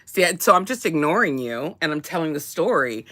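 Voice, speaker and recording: A woman's voice: deep voice, very animated, a little fast, fairly bright tone. A woman chatting casually as a co-host, rambling with many restarts and laughs. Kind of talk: casual chat.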